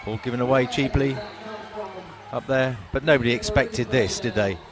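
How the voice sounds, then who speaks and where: A man giving measured football analysis as co-commentator, with punchy exclamations on the big moments. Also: medium pitch, fairly even intonation, crowd noise.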